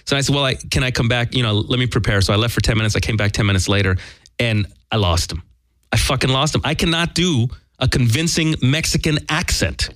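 A man's voice: medium pitch, a little fast, no room sound. A man co-hosting a casual radio talk show, joking and making fun of himself as he chats with his partner. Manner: animated, jokey, self-deprecating. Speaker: co-host.

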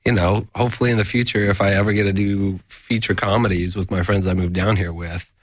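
A man being interviewed about his camera work, talking in a relaxed, self-deprecating way. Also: low voice, brisk, dry recording. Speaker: guest, cinematographer. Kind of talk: casual interview chat.

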